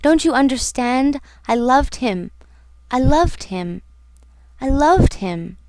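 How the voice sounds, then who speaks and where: A woman's voice: high-pitched, expressive, dry recording, exaggerated voice. Woman reading as a heartbroken young woman. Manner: soft, murmuring, slow and halting. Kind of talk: audiobook character reading.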